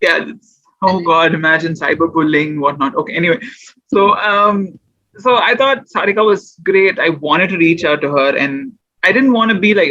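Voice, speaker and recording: A man's voice: a little high, normal speed, pushed and bright, lo-fi sound. A man guesting on an interview show, chatting casually about publishing his poetry and rambling with fillers and restarts. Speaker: guest poet and small business owner.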